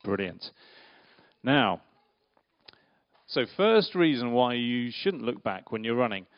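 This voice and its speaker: Male preacher, playful and interactive with the room, mid-pitched voice on a dull, muffled recording. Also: slow pace. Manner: lively, questions the audience, playful. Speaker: preacher giving a children's talk. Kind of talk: interactive church talk with slides and volunteers. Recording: dull lo-fi sound.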